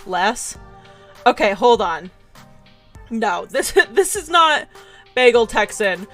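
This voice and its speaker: A young woman streams a game live, reacting with jokes and giggles between read-out lines of the game's text. Her voice sits fairly high, and her delivery is casual and playful. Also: very animated, slow pace, a bit bright, faint music behind. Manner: giggly and jokey, reads game text aloud.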